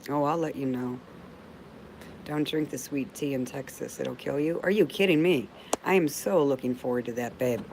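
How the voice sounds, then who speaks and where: On a low-quality recording with a bit of hiss or hum, a middle-aged woman talks at normal speed in an extremely low voice. She's hosting a casual livestream, responding to comments with heartfelt warmth and calling her viewers babe.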